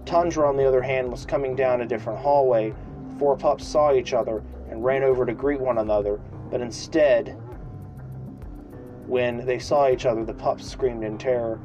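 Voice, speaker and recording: A man's voice: mid-range voice, fairly even intonation, moderate pace, highs cut off, soft background music. A man reading a children's story aloud for a podcast, in an unpolished home style with small restarts. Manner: unpolished home reading with restarts and loud shouted cries for characters.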